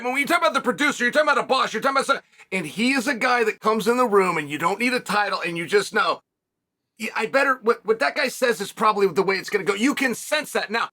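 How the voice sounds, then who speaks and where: A man's voice: high-pitched, bright, forceful tone. A man hosting a casual podcast chat, talking in a confident and emphatic way. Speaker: podcast host.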